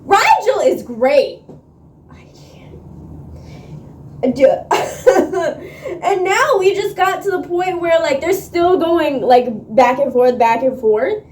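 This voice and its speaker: A woman vlogging about a book she's reading, excitable and slangy, swearing freely and laughing often, recorded on a phone. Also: very high-pitched, slow. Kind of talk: casual reading vlog chat. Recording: echoey room on a phone mic.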